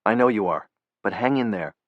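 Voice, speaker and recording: A man voicing a calm, reassuring female CIA director. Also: lowish voice, a little fast, dry recording, phone-quality sound.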